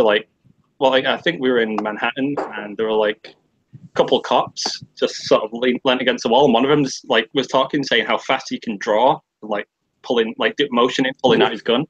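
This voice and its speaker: A young British man hosts a casual chat stream from his sister's bedroom, sweary and rambling and laughing at himself. His mid-range voice is husky and fairly bright, with fairly even intonation and a fairly quick pace, in a dry recording with the highs cut off.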